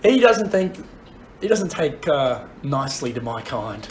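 A young man co-hosting a podcast, telling a pub story in blunt, profane, deadpan chat. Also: medium pitch, measured pace, slight background noise. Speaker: podcast co-host. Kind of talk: casual storytelling.

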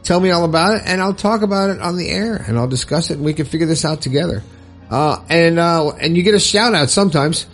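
A man hosts his own podcast in a casual, upbeat, rambling style, full of fillers and frequent laughs. He talks fast with a fairly high pitch, and soft music plays in the background.

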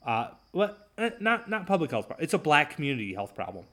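A man's voice: fairly high pitch, big pitch swings, fast talker, fairly bright tone. A man hosting his own talk show, ranting sarcastically and mocking his opponents. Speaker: podcast host. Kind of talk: solo talk show commentary.

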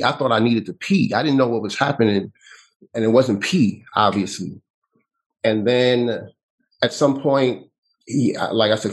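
A man, telling a personal story as an interview guest, with halting speech that often restarts and repeats. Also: on the low side, husky, rough recording. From New York City. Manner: halting, with frequent restarts and repetitions.

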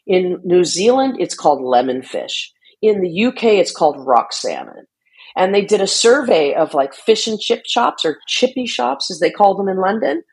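A woman's voice: mid-range voice, very animated, moderate pace, a little mellow, slightly rough. A woman speaking as an interview guest, explaining earnestly in a conversational way, with frequent restarts and fillers. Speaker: interview guest, shark conservation advocate.

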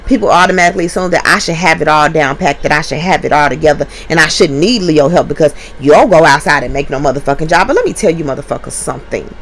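A woman, a stay-at-home mother talking straight into her podcast mic at home. She is blunt and profane, pitch leaping up when she gets heated. A faint hum of noise sits under her voice. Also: quick pace, few pauses. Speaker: podcast host. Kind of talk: candid monologue.

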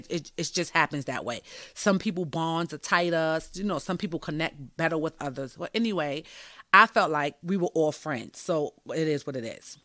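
A woman's voice: low voice, no echo, studio quality. A woman hosting her own show, telling a personal story in a candid, slangy way. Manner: candid and animated, slangy, swears freely. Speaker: podcast host.

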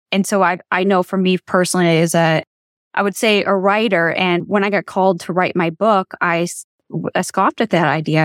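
A woman's voice: fairly low pitch, dry recording, studio quality. Earnest woman hosting a faith-minded interview. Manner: earnest, faith-centered, reflective. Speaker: podcast host. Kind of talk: conversational interview.

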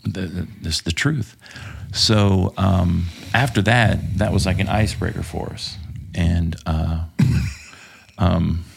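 Gravelly deep-voiced man. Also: steady tone, takes it slowly. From Texas. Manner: profane, rambling, lots of fillers. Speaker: podcast guest, former police officer. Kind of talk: casual storytelling interview.

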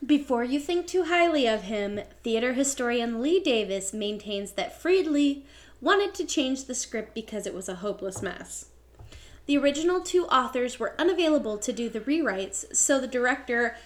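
A woman hosting a theater podcast, reading scripted history in a light, teasing way. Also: on the high side. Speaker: podcast host.

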